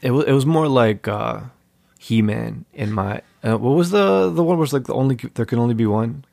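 A man's voice: mid-range voice, brisk, gravelly, darkish tone, no room sound. A man telling casual, jokey stories as a podcast guest, in a laid-back way. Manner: laid-back, jokey, mimics voices in anecdotes. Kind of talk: casual storytelling.

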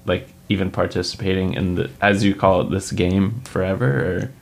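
A man's voice: deep voice, steady tone, moderate pace, creaky. A man hosting a podcast, asking easygoing questions and laughing along. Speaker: podcast host. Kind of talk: casual interview chat.

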